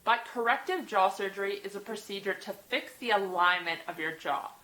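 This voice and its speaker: A young woman talks to her camera in a casual vlog, at an ordinary middle pitch. A slight lisp from fresh braces blurs some of her words. Nervous sighs and small laughs fall between her phrases. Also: brisk, pushed and bright, roomy sound, low-quality recording. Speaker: vlogger.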